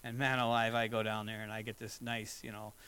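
A man's voice: lowish voice, flat delivery, brisk, bright, forceful tone, clean tone, poor audio. A middle-aged man preaching a sermon as pastor, earnest and conversational, with short acted asides.

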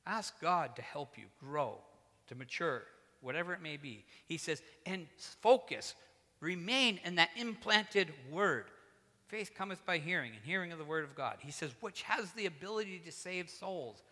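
Male preacher, bright slightly high voice, fervent then hushed, reverberant church hall. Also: lively intonation, normal speed. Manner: earnest, rising to fervent emphasis then dropping low. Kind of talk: sermon. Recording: echoey hall.

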